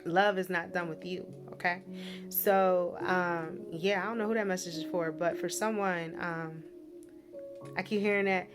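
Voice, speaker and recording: A woman's voice: on the low side, fairly even intonation, measured pace, over music. A woman giving a casual spiritual message reading, chatty and repetitive, often checking in with the listener. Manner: chatty, repeats tag questions like "right?" and "okay?". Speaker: spiritual reader.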